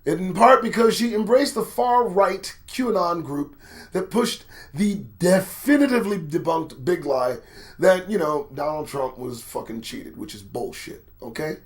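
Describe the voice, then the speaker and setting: High-voiced, animated male commentator. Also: a little slow. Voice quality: animated, profane, swings from muttering to shouting. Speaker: host. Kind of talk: profane news commentary.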